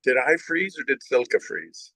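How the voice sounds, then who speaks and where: A man's voice: medium pitch, expressive, measured pace, gravelly, a bit bright, no room sound, low-quality recording. A man hosting a casual video call, praising a guest and laughing often. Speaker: host.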